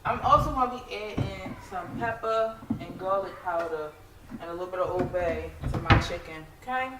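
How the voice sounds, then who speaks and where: A woman chats and jokes at her own expense while she cooks, talking straight to camera in a relaxed, self-mocking way. The sound is an echoey home kitchen with steady background noise. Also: on the low side, normal speed. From Maryland. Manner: chatty, joking, self-mocking. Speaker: home cooking vlogger. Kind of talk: casual cooking chat to camera.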